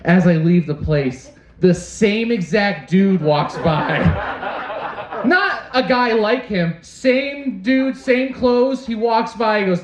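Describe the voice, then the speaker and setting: Crude young stand-up comic in a roomy club. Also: male voice, high voice, animated, slow. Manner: crude, self-deprecating, conversational with asides to the crowd. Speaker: stand-up comedian. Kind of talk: stand-up comedy set. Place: comedy club stage. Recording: roomy, dull club recording. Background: audience laughter.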